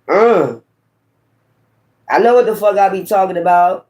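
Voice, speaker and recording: A man's voice: high-pitched, expressive, unhurried, darkish tone. A man giving a casual tarot reading to his viewers, swearing freely and checking in with tag questions as he talks straight to them. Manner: profane, emphatic, talks straight to the audience; frequent rhetorical tag questions. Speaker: tarot reader.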